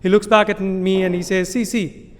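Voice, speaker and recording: A man's voice: high-pitched, flat delivery, a little fast. A man in his thirties with an Indian accent, telling a personal story on stage with amused, self-deprecating humor and frequent chuckles. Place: stage in a large hall. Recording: live hall with long reverb.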